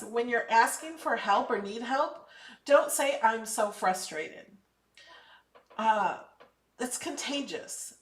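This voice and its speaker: Woman host for a live craft tutorial: upbeat, chatty, encouraging, pitched a bit high, a little off-mic. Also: fairly bright tone, echoey room, far from the mic. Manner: chatty, upbeat, encouraging, emphatic when advising.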